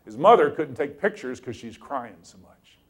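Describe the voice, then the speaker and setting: A middle-aged man giving a motivational talk, telling a story with lively, animated delivery and acted-out quotes. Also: mid-range voice, moderate pace. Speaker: inspirational speaker.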